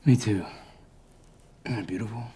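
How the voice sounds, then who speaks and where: A man's voice: lowish voice, moderate pace, warm tone, a little hiss or hum, natural voice. An actor playing an intense male actor who whispers crudely about how badly he wants a role. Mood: curious. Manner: breathy whispering, crude, overeager.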